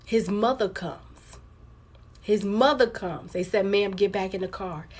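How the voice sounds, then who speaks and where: A woman's voice: medium pitch, measured pace, darkish tone. A woman hosting a livestream, candidly telling her viewers a personal story in a casual, conversational way. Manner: candid, conversational, addresses viewers as girl and y'all. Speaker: livestream host.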